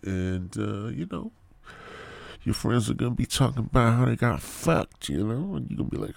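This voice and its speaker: A man's voice: on the low side, animated, normal speed, vocal fry, no room sound. A man hosting a podcast, ranting crudely in a rambling comedic monologue and swearing constantly, in his thirties. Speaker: podcast host.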